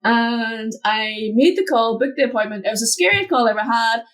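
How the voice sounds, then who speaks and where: A woman mentor, a guest in an interview, telling a personal story from her home office over a video call, acting out the voices in it. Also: a little fast. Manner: animated, acts out quotes with big pitch jumps.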